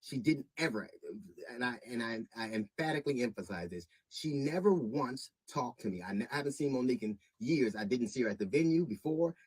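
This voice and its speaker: Indignant middle-aged man, husky and dry. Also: mid-range voice, lively intonation, no room sound, rough recording. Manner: measured, growing indignant; halting restarts. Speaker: comedian. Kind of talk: public statement.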